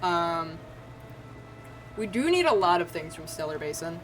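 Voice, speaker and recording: A woman's voice: on the low side, very animated, unhurried. A woman streaming a video game, chatting casually to viewers with a self-mocking, foul-mouthed humor. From United States. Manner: chatty, self-mocking, swears freely, frequent laughs. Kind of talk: casual gameplay commentary.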